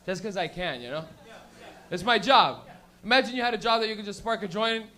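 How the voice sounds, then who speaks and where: A man's voice: high voice, a little fast. A Canadian man doing a stand-up comedy set, telling loose, profane stories and acting out bits. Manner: loose, profane, animated storytelling with acted-out bits. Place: small comedy venue.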